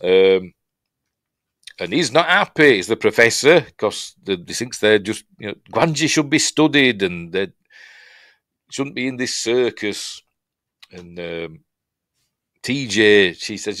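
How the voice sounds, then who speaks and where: A man's voice: fairly low pitch, lively intonation, measured pace, long pauses, a bit bright, no echo. A middle-aged man with a Yorkshire accent, chatting casually through a film breakdown, rambling with dry humour and acting out lines. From Yorkshire, England. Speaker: film reviewer.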